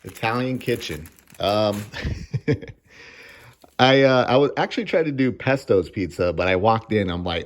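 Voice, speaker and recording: A man's voice: on the low side, expressive, a little slow. A man in his thirties giving a casual, sarcastic and profane food review, laughing often as he rants. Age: 30s.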